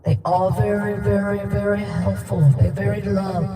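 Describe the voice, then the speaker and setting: A Vietnamese-born woman with a Vietnamese accent, a livestream host telling a personal story in halting English and repeating words for emphasis. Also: mid-range voice, level tone, a crowd in the background. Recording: distant mic with music behind.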